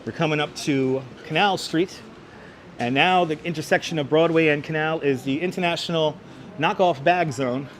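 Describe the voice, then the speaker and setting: New guy walking tour livestream, clip mic, reads chat names out, light traffic noise behind. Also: fairly high pitch. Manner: chatty, greets viewers by name, quick bursts. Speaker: livestream host walking the city. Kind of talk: live walking-tour commentary, reading chat. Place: outdoors on busy city streets. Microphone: wireless clip-on mic, phone camera on a gimbal. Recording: faint street traffic behind.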